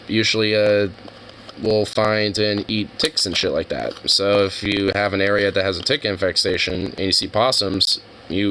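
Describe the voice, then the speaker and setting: A man's voice: fairly low pitch, sharp tone, a little hiss or hum, low-quality recording. A young man chatting casually over videos, rambling and swearing, with many fillers. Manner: profane, rambling, full of fillers. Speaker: streamer reacting to videos. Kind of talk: casual chat.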